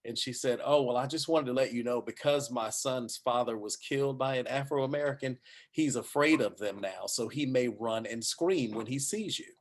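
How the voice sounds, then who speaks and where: A man's voice: medium pitch, moderate pace. A man who is a news anchor, telling a personal story at a panel discussion and acting out the quoted voices. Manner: animated anecdote telling with acted quotes.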